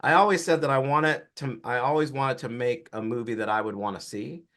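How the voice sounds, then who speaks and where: A film director from Georgia, a man, giving relaxed, explanatory interview answers about his career and work. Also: medium pitch, fairly quick. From Atlanta, Georgia, US.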